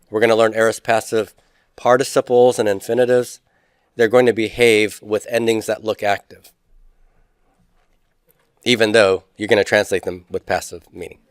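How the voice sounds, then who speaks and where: A man's voice: medium pitch, clean tone, no echo, clean studio sound. A man teaching a Greek grammar lesson, chatty and teasing, drilling word forms aloud. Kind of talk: recorded classroom lecture.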